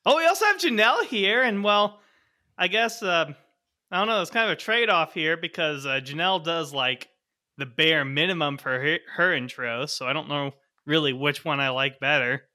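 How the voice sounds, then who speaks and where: A man's voice: fairly high pitch, normal speed, bright, forceful tone. A man hosting a tabletop game podcast as game master, introducing his co-hosts with laughing, exasperated banter. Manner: laughing, exasperated, stop-start.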